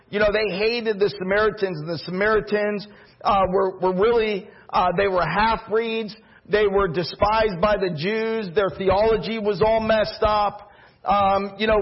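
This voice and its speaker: Male pastor, high husky voice, earnest emotional preaching, muffled lo-fi church recording. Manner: emotional, earnest, builds in intensity. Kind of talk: sermon with prayer.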